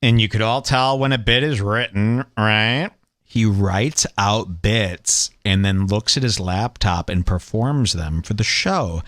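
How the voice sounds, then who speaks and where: A man's voice: fairly low pitch, takes it slowly, fairly bright tone, dry recording, clean studio sound. A man hosting a podcast, giving sarcastic, mocking commentary on clips he plays. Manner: sarcastic, scoffing. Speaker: podcast host reacting to clips.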